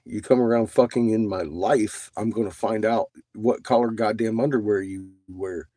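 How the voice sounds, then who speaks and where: A man's voice: fairly low pitch, normal speed, mellow, no echo, clean studio sound. A man on a casual, profane rant who swears constantly, laughs often and coughs between remarks. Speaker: livestreamer.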